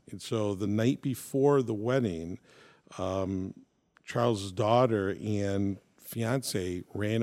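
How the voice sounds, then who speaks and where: A man co-hosts a relaxed talk show. His voice sits a little low. He chats easily and jokes as he tells a story. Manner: chatty, joking storyteller. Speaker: podcast co-host. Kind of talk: casual chat.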